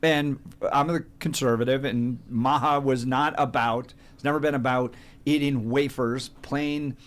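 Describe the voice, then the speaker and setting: A man's voice: medium pitch, steady tone, unhurried. A male radio co-host asking questions and adding opinions in casual, chatty talk.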